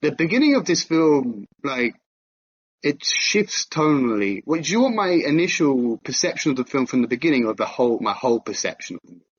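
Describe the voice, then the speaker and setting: A man on a film podcast, chatting casually and thinking out loud with fillers and restarts. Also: mid-range voice, big pitch swings, fairly quick, breathy edge, highs cut off. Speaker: podcast co-host.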